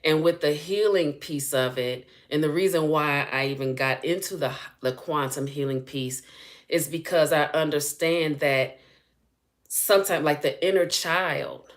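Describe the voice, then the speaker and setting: A woman speaking as a spiritual healing coach in a casual live-stream chat, chatty and animated and laughing often. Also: low-pitched, a little slow.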